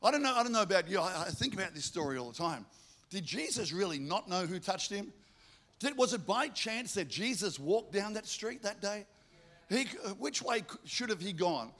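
A male pastor preaching a sermon, stacking up rhetorical questions and telling lively stories. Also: sits high, normal speed.

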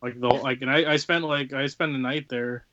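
Man, casual chat, hesitant, self-deprecating, bright tone, dull lo-fi sound. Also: mid-range voice, steady tone, brisk, dry recording.

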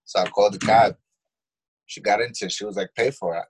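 A man's voice: on the low side, flat delivery, a little fast, husky. A man with a New York accent telling blunt, profane stories as a podcast co-host in casual chat.

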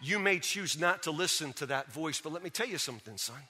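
A man's voice: a little high, expressive, fairly quick, sharp tone, long reverb tail. A man voicing a patient, earnest father counseling his son and repeating words for emphasis.

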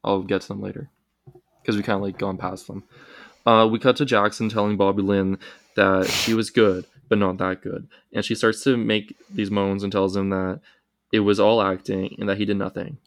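A man's voice: lowish voice, flat delivery, normal speed, no echo, studio quality. A young man hosting a casual podcast, recapping film scenes in long narrating stretches.

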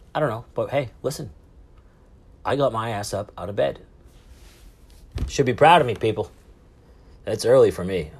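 A man's voice: lowish voice, husky. A man hosting a casual solo podcast from a cruise ship, rambling, swearing and poking fun at himself. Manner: rambling, profane, self-mocking. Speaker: podcast host. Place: cabin aboard a cruise ship.

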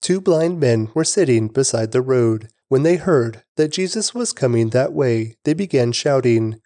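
Man, scripture narration, steady and measured, dark mellow tone, dry close sound. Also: medium pitch, no room sound.

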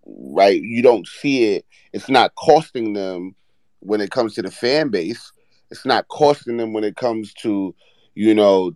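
A man's voice: lowish voice, a little mellow, dry recording, low-quality recording. A man hosting a casual sports podcast, talking loosely with lots of restarts and swearing. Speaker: podcast host.

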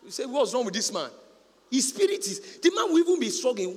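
A Nigerian man preaching a sermon as a pastor, often shouting in a sing-song preaching cadence. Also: sits high, sing-song, moderate pace, big-room sound.

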